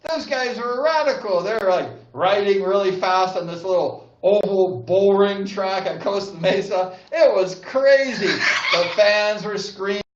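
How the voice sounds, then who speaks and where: Older guy with a high voice, rambly and excitable, says like a lot, kinda dull echoey sound. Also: a little slow, recorded from a distance, a little hiss or hum. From Southern California. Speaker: vlogger, former speedway rider. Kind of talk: casual reminiscing monologue.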